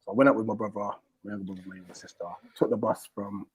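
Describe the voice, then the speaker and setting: A man telling a long personal story in casual chat, animated and full of slang and fillers. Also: on the low side, rapid-fire, breathy edge, rough recording. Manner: animated, acts out quoted people in a raised voice. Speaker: stream host.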